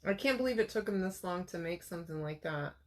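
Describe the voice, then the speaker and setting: A woman's voice: lowish voice, expressive, fast. A woman in her thirties chatting casually while crafting, telling rambling personal stories with lots of fillers. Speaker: crafter vlogger.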